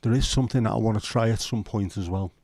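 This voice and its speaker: Bantering with his viewers in a rambling, sweary way, this Liverpool-born livestream host speaks with a Scouse accent at a quick pace. His pitch is fairly low and his tone darkish, with no room sound.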